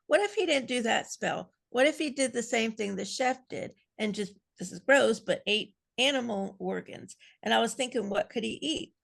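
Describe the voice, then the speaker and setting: A woman's voice: on the high side, animated, moderate pace, creaky, hardly any pauses. A woman fan panelist on a video call, rambling playfully through a speculative idea and adding amused asides. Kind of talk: casual video-call chat.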